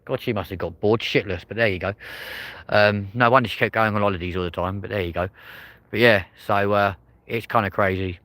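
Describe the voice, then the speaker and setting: A man's voice: fairly low pitch, fairly even intonation, brisk, fairly bright tone, dry recording. Rambling, sweary southern English man. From England. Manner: rambling, swears freely, repeats "but there we go". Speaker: livestream host. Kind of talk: casual live-stream chat. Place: outdoors at night.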